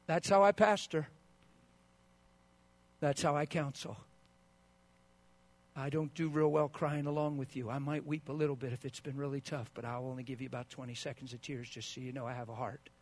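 A man preaching a sermon as a pastor, swinging from quiet asides to loud, driving peaks. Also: level tone, quick pace, hardly any pauses. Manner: mocks sentimental sympathy with a high, wailing put-on voice.

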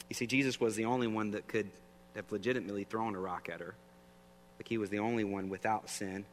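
A man's voice: fairly low pitch, steady tone, fairly quick. A man preaching a sermon in a conversational way, often asking the audience questions. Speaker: pastor. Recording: long reverb, faint hum.

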